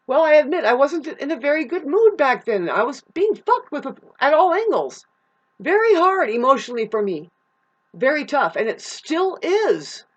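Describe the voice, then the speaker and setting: A woman's voice: medium pitch, muffled recording. A middle-aged woman venting at home in a rambling, agitated personal monologue, swearing often. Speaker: vlogger.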